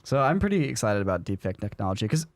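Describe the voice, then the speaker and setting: A man's voice: on the low side, sing-song, dry recording. Chatty young man explaining things. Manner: chatty, explains with quick examples. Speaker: podcast co-host. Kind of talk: casual chat. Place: podcast studio.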